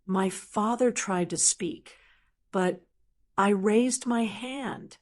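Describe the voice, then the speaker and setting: Slow, clear woman storyteller. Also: mid-range voice. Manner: slow, plain, clearly enunciated simple sentences. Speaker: narrator. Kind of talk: scripted first-person story narration for English learners.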